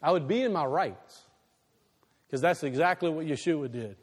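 A male pastor preaching a sermon, animated, swinging between loud bursts and quiet, low asides. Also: normal speed, husky. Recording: long reverb in a large hall.

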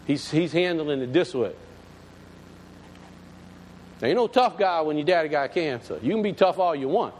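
High, lively pastor preaching. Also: male voice, moderate pace, long pauses. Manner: folksy, emphatic, talks straight to the congregation. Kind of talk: storytelling sermon. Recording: long hall reverb, faint background noise.

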